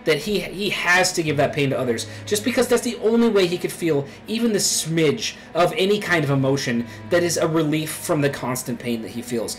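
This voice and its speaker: A man's voice: fairly high pitch, low-quality recording. A young man giving emotional, profanity-laden let's play commentary, rambling as he reacts. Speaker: gaming YouTuber.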